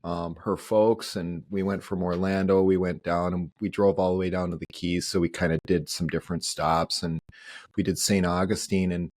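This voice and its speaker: A man's voice: deep voice, flat delivery, normal speed, a little mellow, no echo, studio quality. Chatty man with a Minnesota accent. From upper Midwest of the United States. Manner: chatty, laughs often, rambling restarts. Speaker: podcast guest, Army veteran. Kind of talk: casual conversation.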